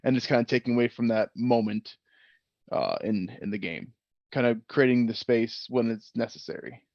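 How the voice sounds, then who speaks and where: A man speaking on a casual tabletop game panel, relaxed and halting with fillers. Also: mid-range voice, no echo. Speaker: panelist, player. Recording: dull dry lo-fi sound.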